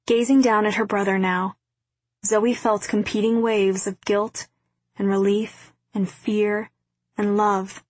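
Husky, flat-voiced woman reading a novel. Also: medium pitch, slow, no echo. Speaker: audiobook narrator. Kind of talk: scripted narration.

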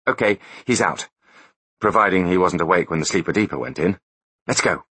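A man's voice: sits low, expressive, pushed and bright, slightly rough, dry recording, full character voice. A man voicing a tough, no-nonsense female captain in an audiobook. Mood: brisk. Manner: brisk, commanding. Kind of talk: audiobook character voice.

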